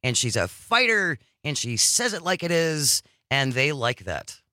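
A man's voice: fairly high pitch, sing-song, unhurried, bright, forceful tone, dry recording, clean studio sound. A man hosting a radio talk show, chatting enthusiastically with a co-host and callers. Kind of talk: casual radio chat.

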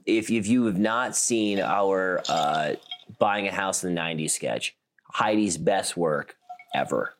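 A young man from South Dakota with a fairly low voice, co-hosting a comedy podcast. He rambles loosely, trails off mid-thought and breaks into laughter often. Casual chat between friends. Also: unhurried, a little hiss or hum.

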